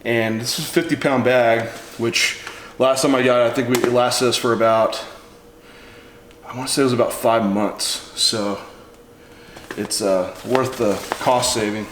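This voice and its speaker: A man with an ordinary mid-range voice chats casually as he tours his food supply, rambling and doing the math out loud. His voice rings a little off the walls of an echoey room, with a faint hiss under it. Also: medium pitch, steady tone, moderate pace. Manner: chatty, rambling, talks through numbers aloud. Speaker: nutrition coach. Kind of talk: casual vlog walkthrough.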